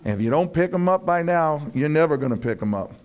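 A male pastor preaching a sermon in an animated way, acting out the voices of friends and building to loud peaks. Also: a little high, fast talker.

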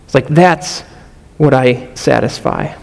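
A man's voice: medium pitch, takes it slowly, gravelly, darkish tone, long reverb tail, poor audio. A pastor giving a conversational sermon, earnest and explanatory, often restarting his phrases. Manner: earnest, conversational, frequent restarts and "you know".

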